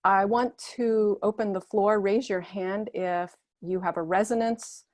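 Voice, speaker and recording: A woman hosting a talk show gathering over a video call, gently guiding participants and reading their chat messages aloud. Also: mid-range voice, steady tone, unhurried, dry recording.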